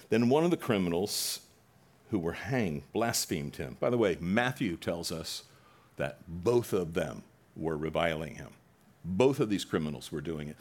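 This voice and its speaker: Deep-voiced male preacher. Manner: retells scripture dramatically, voicing the mockers in loud bursts. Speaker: pastor. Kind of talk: sermon.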